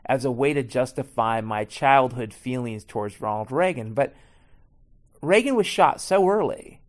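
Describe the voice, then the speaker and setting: A middle-aged man ranting in a profane, rambling, sarcastic comedic monologue. His pitch swings widely as he jumps from muttering asides to loud outbursts. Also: animated, moderate pace.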